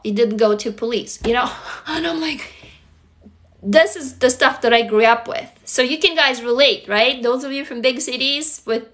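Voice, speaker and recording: A woman's voice: fairly high pitch, sharp tone. A woman in her forties from Russia with a Russian accent, chatting candidly on a livestream and reading comments aloud. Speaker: livestream host. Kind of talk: casual livestream chat.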